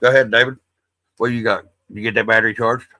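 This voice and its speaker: A man's voice: medium pitch, level tone, quick pace, sharp tone, dry recording. A middle-aged man hosting a livestream, rambling in a folksy, profane, casual way. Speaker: livestream host.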